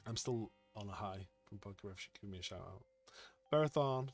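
Excitable man live-streaming. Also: on the low side, brisk, soft background music. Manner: excitable, chatty, talks to chat. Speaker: streamer opening card packs. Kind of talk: casual live-stream chat.

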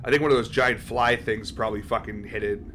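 A man's voice: lowish voice, steady tone, fast talker, fairly bright tone, a little hiss or hum. Profane casual male game streamer. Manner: casual and profane, chatting with viewers. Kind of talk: live horror game stream commentary.

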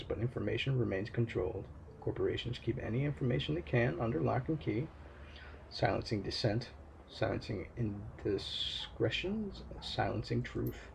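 A recorded message from a secret group in a video game, as a man reads it out. It comes in a gravelly, mid-pitched voice, delivered like a steady set of instructions. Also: slight background noise, poor audio. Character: pitch-altered recorded message from a secret info-freedom collective.

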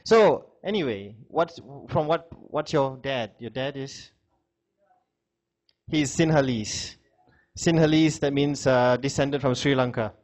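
A man's voice: medium pitch, slow, darkish tone. A man giving a classroom lecture, chatting with students, asking questions and laughing often.

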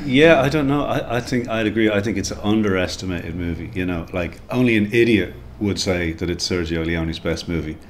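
An Irish man with a low voice, talking films in a loose, rambling way. He often trips over his words and restarts his sentences. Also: brisk, few pauses, a little hiss or hum. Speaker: guest. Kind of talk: casual film discussion.

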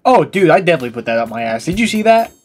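A woman's voice: sits low, very animated, racing, faint music behind. A woman giving gameplay commentary in a crude, joking, self-mocking way. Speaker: gaming video creator.

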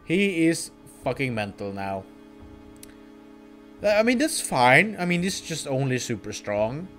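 A man's voice: medium pitch, sing-song, unhurried, fairly bright tone, faint music behind. A young man giving casual gameplay commentary, rambling with crude, swearing reactions. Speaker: let's play gamer.

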